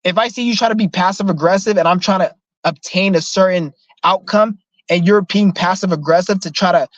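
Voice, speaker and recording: A young man telling a profane, animated story in a casual vlog rant. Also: high-pitched, no room sound, lo-fi sound. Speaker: vlogger.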